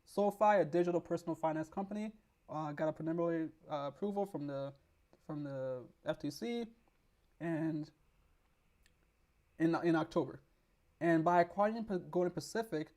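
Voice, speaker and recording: A man hosting a stock market video, hoarse from losing his voice, rambling with restarts as he reads news aloud and explains it. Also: a little high, normal speed, a little mellow. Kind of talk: casual explainer with screen reading.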